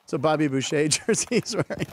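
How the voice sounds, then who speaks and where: A man's voice: on the high side, expressive, fast, slight background noise. Jokey man hosting a sports show. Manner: jokey, riffing, laughs often. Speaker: host. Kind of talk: casual sports comedy talk.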